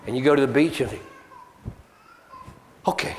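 A man's voice: mid-range voice, rapid-fire, a little mellow, slight background noise. A man preaching a sermon, emphatic and argumentative, driving his points home with rhetorical questions. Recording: long reverb of a large hall.

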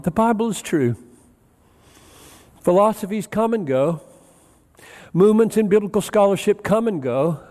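Slow, animated male preacher in a hall. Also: fairly high pitch. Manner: emphatic, repeats key phrases, quotes scripture. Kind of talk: sermon. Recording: long reverb of a large hall.

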